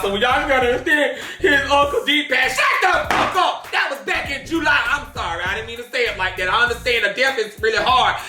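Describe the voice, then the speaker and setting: A man rants about celebrity gossip in a high, brassy voice, swearing freely and often shouting. His bright, sharp tone bounces around a roomy, echoey space. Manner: brash, profane, theatrical, shouts often. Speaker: host. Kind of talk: drama commentary.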